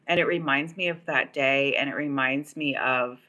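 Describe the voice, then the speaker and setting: Her voice is a rumbling low, bright and forceful, at a moderate pace, though the audio sounds dull. A Los Angeles-area woman hosting a casual livestream, she rambles through a lengthy personal story, filling it with plenty of "like" and "um."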